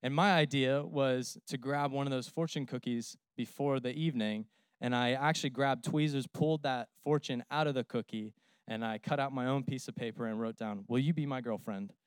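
Pastor in his thirties, man, humorous conversational preacher, smooth voice, dry close sound. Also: mid-range voice, fairly even intonation, moderate pace, no echo. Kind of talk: sermon.

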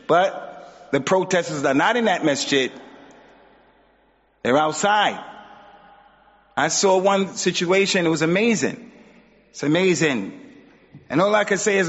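A man's voice: high-pitched, animated, measured pace, pauses often, fairly bright tone. A man giving an emphatic religious lesson in a mosque, exhorting his audience. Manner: emphatic, exhorting, acts out quotes. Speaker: Islamic teacher. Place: mosque hall. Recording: dull sound with long hall reverb.

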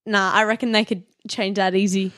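A woman in a casual chat, giggly, chiming in with quick reactions. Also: medium pitch, level tone, fairly bright tone, dry recording, clean studio sound. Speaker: co-host, listener.

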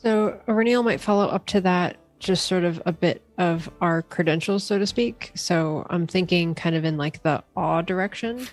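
A woman's voice: lowish voice, normal speed, few pauses, faint music behind. A woman playing a tabletop game, thinking aloud with hesitations. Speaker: player. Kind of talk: casual tabletop play.

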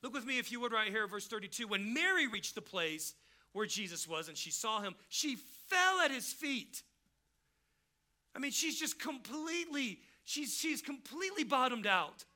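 A man's voice: very high-pitched, big pitch swings, moderate pace, bright, forceful tone. A man preaching a sermon as pastor, in a casual, emphatic style, and he acts out the people he quotes.

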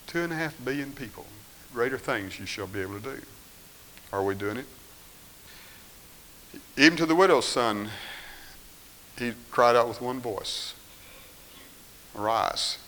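A man preaching a sermon, reading scripture and moving between quiet firm statements and raised, pleading voices. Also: medium pitch, poor audio.

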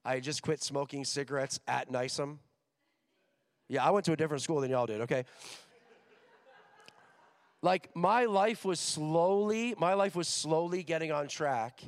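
A young man preaching to students, energetic and joking, acting out voices in his stories. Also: on the high side, a little slow, pauses often. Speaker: missions director speaking at a school chapel. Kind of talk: sermon. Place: large hall with an audience. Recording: long hall reverb.

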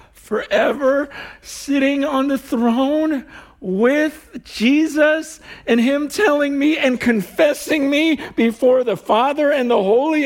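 A male guest preacher with a high voice who talks in a loose, conversational way, full of "like" and quick laughs. He builds into near-shouts, then drops low and soft for emphasis. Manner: animated and conversational, with fillers and laughs. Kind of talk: sermon.

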